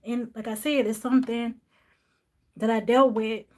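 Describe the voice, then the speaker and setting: A woman with a slightly high voice talks through a painful personal story. She speaks softly and thoughtfully, pausing often as she gathers her words, and her voice sometimes sinks low with emotion. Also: fairly even intonation. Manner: soft, reflective, with frequent fillers and pauses. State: emotional, voice dropping low at times. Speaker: podcast host sharing a personal story.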